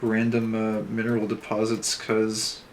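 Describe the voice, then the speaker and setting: A man's voice: lowish voice, monotone, a little slow, slight background noise. A young man streaming an online game, thinking aloud in a dry, sarcastic way and reading quest text as he plays. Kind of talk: casual let's-play commentary, reading game text aloud. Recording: faint game music underneath.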